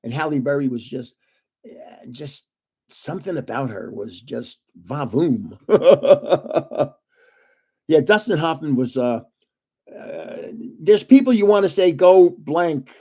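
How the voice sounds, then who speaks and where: A man's voice: a little high, lively intonation, slow, pauses often, dark tone, husky. An older man hosting a live stream, telling rambling stories in a chatty way and laughing often. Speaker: host of a live card-opening stream.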